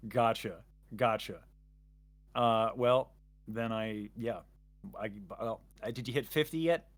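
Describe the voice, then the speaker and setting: A man's voice: medium pitch, takes it slowly. A man chatting casually as a guest, rambling and self-interrupting with jokes. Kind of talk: casual chat.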